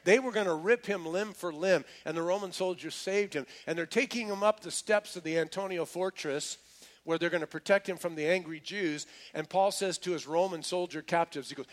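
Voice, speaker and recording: A man's voice: sits high, a little fast. A man preaching a sermon, retelling a story casually with slang and repeated restarts. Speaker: pastor.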